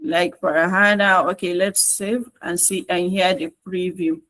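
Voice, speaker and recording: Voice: mid-range voice, steady tone, measured pace, a bit bright, poor audio. A trainer with a Nigerian English accent gives a step-by-step online tutorial, repeating points and checking that listeners follow. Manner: repetitive, coaxing instruction with frequent checks on listeners.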